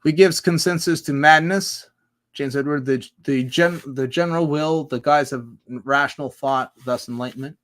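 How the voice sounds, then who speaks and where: A man's voice: a little high, normal speed, fairly bright tone. A man hosting a casual livestream, reading out chat comments and riffing on them in a rambling, profane way.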